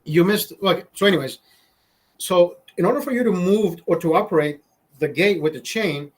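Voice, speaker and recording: A man with a voice a bit higher than most men's chats on his live stream. He swears constantly, rambles, and keeps restarting his sentences as he speaks to viewers by name. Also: normal speed. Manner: profane, rambling, self-interrupting. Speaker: livestream host. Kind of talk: casual storytelling to live chat.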